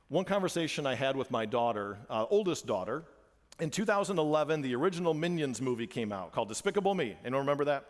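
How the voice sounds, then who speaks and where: A man and father giving an animated church presentation to parents, repeating phrases for emphasis, in a church hall. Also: a little high, fast talker.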